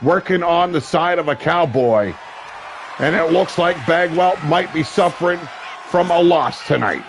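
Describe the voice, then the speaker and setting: Brash, gravelly wrestling commentator. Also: male voice, fairly high pitch, a little slow, background noise. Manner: brash, crude, shouting bursts of excitement. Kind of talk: play-by-play commentary. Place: seated at a ringside commentary table.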